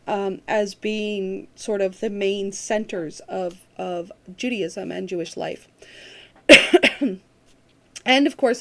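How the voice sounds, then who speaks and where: A woman delivers a recorded university lecture in an explanatory way. She talks at a middle pitch, pausing often on fillers and restarting her phrases as she works through her points.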